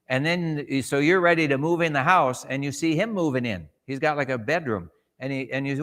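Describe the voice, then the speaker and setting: Bible class teacher in a reverberant church. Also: male voice, mid-range voice, a little fast, hardly any pauses, fairly bright tone. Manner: conversational, asks the class questions, acts out short quotes. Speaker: Sabbath school teacher. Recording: long hall reverb.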